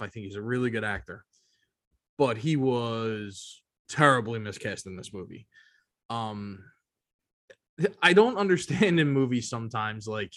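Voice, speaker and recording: A man's voice: medium pitch, a bit bright, dry recording, studio quality. A man co-hosting a podcast in casual chat, rambling and emphatic, often asking "you know what I mean". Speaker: podcast co-host.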